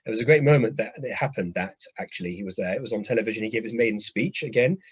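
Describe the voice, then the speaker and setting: Husky-voiced man telling lively anecdotes. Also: fairly low pitch, racing, no echo. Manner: lively anecdotal storytelling, restarts phrases. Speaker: rabbi lecturer. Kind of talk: lecture to an online class. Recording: dull, dry lo-fi audio.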